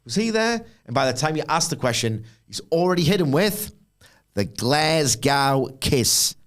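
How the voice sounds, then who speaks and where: A man co-hosting a podcast in casual chat, opinionated and quick to jump into animated asides. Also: a little high. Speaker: podcast co-host.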